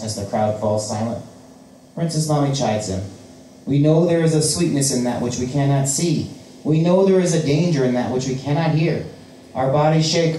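A man's voice: medium pitch, warm tone, a little hiss or hum. A man performing his spoken-word poetry at an open mic, with a rhythmic, declamatory delivery. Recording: very echoey room, voice from a distance.

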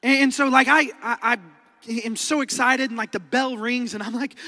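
A man in his thirties with an Oklahoman accent, preaching a sermon as a lively storyteller who acts out quotes and laughs often. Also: very high voice, moderate pace, some chatter behind. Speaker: pastor. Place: large church hall. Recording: long hall reverb.

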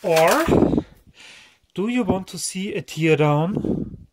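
A man's voice: high-pitched, lively intonation, slow pace. A man hosting a casual unboxing, marveling aloud with exclamations as he presents each item. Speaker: electronics video host.

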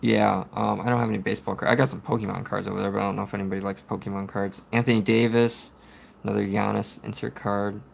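A man with a gravelly, creaky voice chats loosely on a home live stream, trailing off with plenty of fillers. A faint hiss sits under the sound. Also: lowish voice, fast talker. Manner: relaxed, rambling, filler-heavy. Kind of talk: casual live-stream chat.

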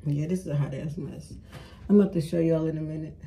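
A woman's voice: low-pitched, fast talker, vocal fry, dark tone. Profane, frustrated woman doing her hair. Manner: frustrated, profane, talking to viewers. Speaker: beauty vlogger. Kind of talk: casual self-filmed hair vlog.

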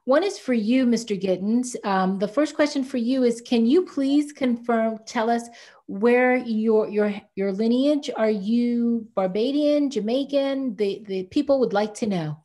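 A woman moderating a panel Q&A, passing audience questions on in a measured way over a video call. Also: on the high side, warm tone.

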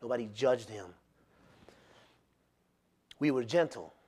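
A male pastor preaching a sermon in a folksy, plain-spoken way, telling animated stories with frequent laughter. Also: medium pitch, slow pace, breathy edge.

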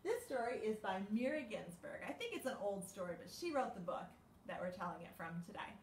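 A young woman librarian reading a picture book aloud at a livestreamed storytime, slow and sing-song with gasps of surprise. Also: mid-range voice, big pitch swings, a little hiss or hum. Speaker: children's librarian. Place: library room. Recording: echoey room, mic far off.

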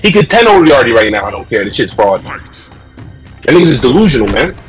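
A man on a headset mic giving loud, heated live commentary on fighting-game matches, shouting often, repeating himself and trash-talking with profanity. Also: mid-range voice, moderate pace, faint music behind. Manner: loud, excitable trash-talk with frequent shouting.

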